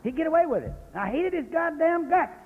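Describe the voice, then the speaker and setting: Recorded on a lo-fi 1980s cassette with a slight hiss or hum, the echo of a convention hall surrounds a man from San Jose, California delivering an AA talk. His very high voice moves fast with lively intonation as he tells stories in a blunt, folksy, profane style.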